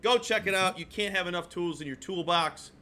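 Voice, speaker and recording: Bright-voiced chatty podcast man. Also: high voice, fairly quick. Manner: chatty, teasing, tells stories. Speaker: sports betting podcast co-host. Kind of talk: casual podcast banter.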